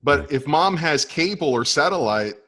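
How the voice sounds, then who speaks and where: A man's voice: on the high side, lively intonation, normal speed, pushed and bright. Friendly chatty man, guest meteorologist. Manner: friendly, chatty, laughs easily. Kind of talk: casual interview chat.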